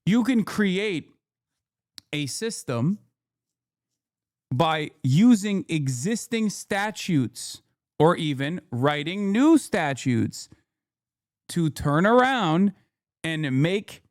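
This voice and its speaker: A man's voice: fairly high pitch, big pitch swings, extremely slow, long pauses, dry recording, clean studio sound. Heated sarcastic male streamer. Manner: heated sarcastic rants, mocking voices. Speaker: streamer commentator. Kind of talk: reacting to news clips.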